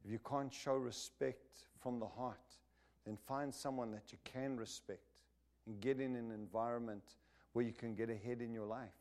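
A middle-aged man preaching from the pulpit in an emphatic, direct way. His voice sits at an ordinary male pitch, climbing loud on the words he stresses and sinking quiet when he turns to prayer. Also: steady tone, moderate pace. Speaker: pastor. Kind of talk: sermon.

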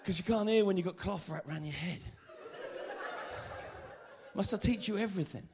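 A man preaching an animated, comic evangelistic sermon at a church meeting, acting out the stories he tells. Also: high-pitched, moderate pace, creaky. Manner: animated, comic storytelling with acted-out voices.

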